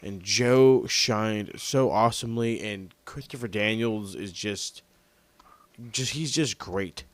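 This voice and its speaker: A man's voice: on the low side, takes it slowly. A man co-hosting a podcast, chatting casually and enthusiastically, swearing now and then. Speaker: podcast co-host. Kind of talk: casual wrestling review chat.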